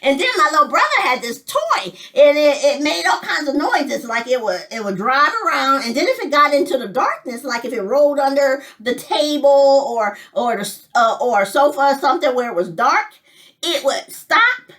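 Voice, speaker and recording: A woman's voice: high-pitched, sing-song, normal speed, a bit bright, distant mic. A woman from Detroit telling rambling childhood stories in a casual way, jumping between memories and chuckling often. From Detroit, United States. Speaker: vlogger telling family memories. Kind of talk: casual storytelling.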